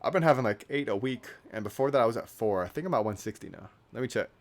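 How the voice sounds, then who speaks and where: A man's voice: medium pitch, expressive, fast talker. A young man in his late teens vlogging casually, rambling and joking at his own expense. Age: young adult. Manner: rambling, self-deprecating, joking. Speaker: YouTuber.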